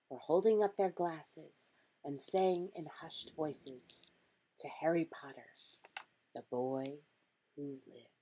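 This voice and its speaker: A woman reading a children's storybook aloud as a storyteller, in a steady, expressive way. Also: sits low, husky, rough recording.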